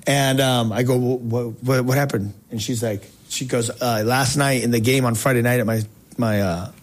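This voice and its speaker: A man hosting a faith talk show, telling a story in a casual, excited way with slang and frequent restarts. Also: medium pitch, moderate pace. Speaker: talk show host and evangelist.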